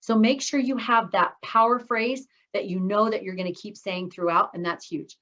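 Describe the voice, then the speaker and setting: A woman's voice: mid-range voice, fairly even intonation, normal speed, fairly bright tone. A middle-aged woman coaches a speaking course in an upbeat, encouraging voice. She talks straight to her students as she teaches. Her voice comes through a video call with slightly dull, lo-fi sound.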